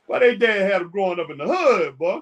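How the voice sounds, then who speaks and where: A man talks wrestling with a buddy in easy, excitable banter. His voice sits high and swings widely, and he laughs often. He keeps peppering his lines with "boy" and "man.". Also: moderate pace. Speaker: co-host. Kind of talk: casual chat reacting to a live wrestling show.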